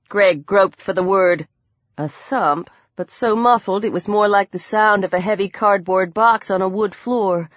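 A woman's voice: mid-range voice, moderate pace, dry recording, highs cut off. A woman reading a dramatic horror novel aloud as audiobook narrator.

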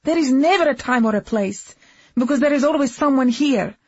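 A woman voicing a furious, sharp-tongued young wife, shouting through tears, on a dull, dry audiobook recording. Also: medium pitch, level tone, a little fast, gravelly, breathy edge, no room sound. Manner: shouting, indignant, tearful.

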